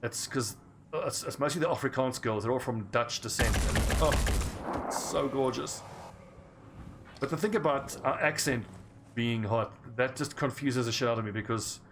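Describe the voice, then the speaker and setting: A man's voice: medium pitch, normal speed, background noise. A man with an English South African accent, chatting casually and rambling while he plays a game. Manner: rambling, chatty, laughs easily. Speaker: gaming streamer. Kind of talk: casual chat over gameplay.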